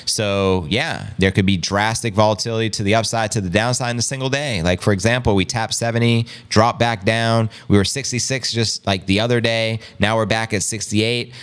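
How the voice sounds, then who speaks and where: A man's voice: fairly low pitch, a bit bright, clean tone. A man hosting a casual livestream, reading viewer comments aloud with playful, joking banter and frequent laughs. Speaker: host.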